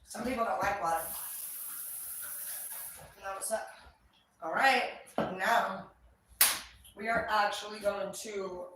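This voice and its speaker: A woman's voice: medium pitch, slow pace, long pauses. Chatty, foul-mouthed woman in an echoey space. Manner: chatty, profane, upbeat. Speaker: vlogger. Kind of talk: casual chat. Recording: echoey, distant mic, faint ambient noise.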